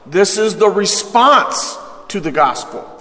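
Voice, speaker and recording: High-voiced pastor preaching in an echoey hall. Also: male voice, slow. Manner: call-and-response with congregation; energetic, emphatic preaching. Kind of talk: sermon, Bible study teaching. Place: church hall with live congregation. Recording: echoey hall with long reverb.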